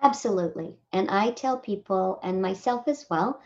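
A woman voice actor from Southern California talking casually in an interview, animated and quick to mimic people. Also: medium pitch, dull audio. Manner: animated, slips into lively mimicry of others. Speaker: voice actor guest.

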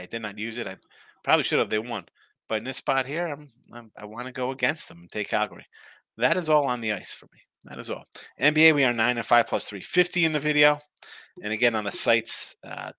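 A man's voice: medium pitch, sharp tone, no room sound. A man hosting a casual sports betting picks show, talking in a rambling, trailing-off way while sleepy and yawning.

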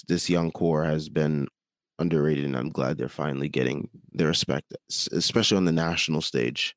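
A man with a very low voice, hoarse from losing it, talks through a postgame sports chat. He stops and restarts often, leaning on fillers as he thinks. The sound is close and dry. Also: no echo. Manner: halting, many fillers and restarts. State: losing his voice. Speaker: podcast co-host; teacher.

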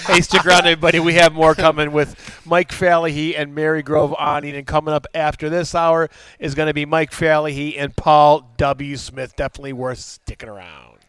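Male radio host, higher tense voice, dry sound, easy joking manner. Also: level tone, brisk, hardly any pauses, a bit bright, clear, resonant tone, no room sound. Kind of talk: casual radio chat.

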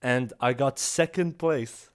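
A man's voice: medium pitch, takes it slowly. A young man co-hosting a podcast, telling a story in casual chat and acting out his own nervous thoughts. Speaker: podcast co-host.

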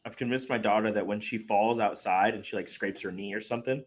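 Low-voiced man telling family stories. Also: fairly even intonation, fast. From Nebraska. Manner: storytelling, acts out his kids' voices in a high pitch. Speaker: podcast co-host, studio producer. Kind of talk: casual podcast chat.

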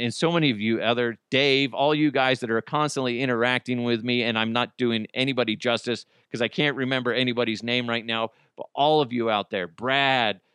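A man hosting a solo podcast rants casually, joking crudely and putting on mocking voices. His medium-pitched voice is a bit bright and clean, in a dry, clean studio recording.

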